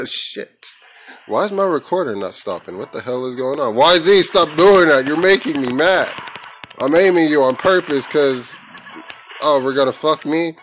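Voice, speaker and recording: Young man, fairly high voice, gameplay commentary, playful trash talk, cussing, faint hiss behind. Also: a bit bright, poor audio. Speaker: gamer recording his own gameplay.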